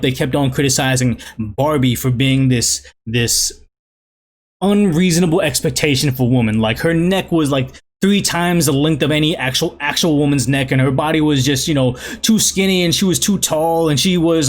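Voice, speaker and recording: A man in his thirties hosting a casual podcast, rambling through posts with frequent laughs and self-mockery. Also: on the high side. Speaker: podcast host.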